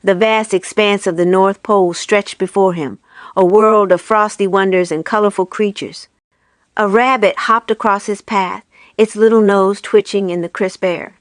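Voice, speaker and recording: Smooth, clear woman storyteller. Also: mid-range voice, fairly even intonation, normal speed, dry recording. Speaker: narrator. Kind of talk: storybook reading.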